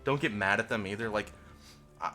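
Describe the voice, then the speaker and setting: A young man telling a profane storytime monologue as a vlogger, short of breath and animated, getting loud when worked up. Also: lowish voice, brisk, faint music behind.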